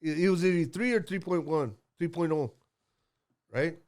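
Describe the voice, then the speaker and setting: A man's voice: a little high, moderate pace, darkish tone, smooth. A man in his sixties telling a rambling story as a guest, blunt and profane, with lots of fillers and restarts. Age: 60s.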